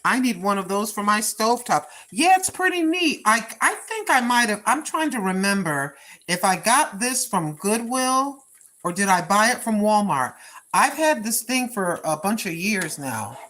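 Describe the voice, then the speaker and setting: A woman's voice: medium pitch, animated, moderate pace, a bit bright, a little hiss or hum. An older woman chatting through a cooking live stream in her home kitchen, rambling and repeating herself in a folksy way. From Oregon, US.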